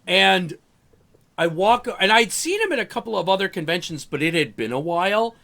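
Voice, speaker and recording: A male stream host tells casual, animated stories, swearing freely and tripping over his own restarts. His voice sits high and swings widely in pitch. The tone is bright and forceful. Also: normal speed, gravelly. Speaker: show host. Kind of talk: casual storytelling on a live stream.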